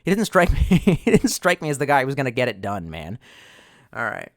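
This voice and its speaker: A man's voice: medium pitch, huge pitch swings, fairly quick, fairly bright tone, dry recording. A young man chatting casually on a livestream, rambling and sarcastic, cursing often and reading viewer messages aloud. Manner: rambling, profane, sarcastic, reads chat aloud. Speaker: streamer.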